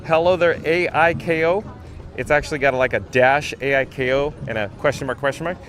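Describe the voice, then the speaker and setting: An upbeat man hosts a livestream on foot outdoors, his slightly high voice picked up by a handheld phone. He reads viewer comments aloud in a relaxed, chatty way. Faint music plays in the background. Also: brisk. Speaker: livestream host. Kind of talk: walking livestream reading chat. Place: outdoors walking through a theme park.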